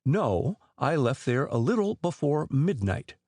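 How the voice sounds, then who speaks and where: A man reading the part of a defensive gentleman who gives cool, guarded replies to a police inspector. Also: fairly high pitch, very animated, a little slow, no echo, studio quality, pitched above the performer's own voice, full character voice.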